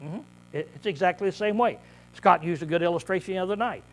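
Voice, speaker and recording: A man preaching a conversational Bible-study sermon, often clearing his throat and checking in with "see?" as he repeats and restarts phrases. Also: high voice, fast talker, a bit bright. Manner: repetitive, restarts mid-phrase.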